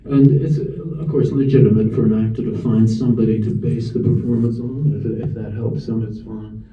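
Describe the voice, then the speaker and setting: An older film director with a Toronto accent, giving measured, wry interview answers with frequent restarts. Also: male voice, mid-range voice, steady tone, roomy sound, recorded from a distance, lo-fi sound.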